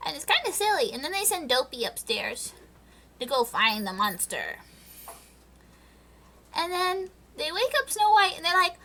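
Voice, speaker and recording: A woman's voice: very high voice, very animated, moderate pace, long pauses, pushed and bright, slight background noise. A woman chatting casually on a live stream, giggling and acting out characters in silly voices as she reviews a film.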